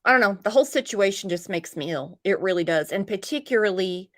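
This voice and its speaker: Speaking a little fast at medium pitch, this female host of a true crime livestream keeps things animated. She talks casually with her guest and reads viewer comments aloud.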